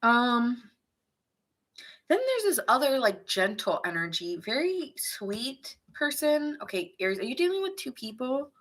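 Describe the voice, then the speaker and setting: A woman's voice: a little high, unhurried. A woman giving a casual, chatty tarot reading to camera, laughing often and filling her talk with "like". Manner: playful, animated asides to the viewer. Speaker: tarot reader.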